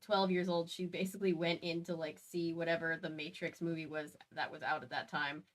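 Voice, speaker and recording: A woman podcast host chatting casually and reading a story aloud in an animated way, with quick asides. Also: low-pitched.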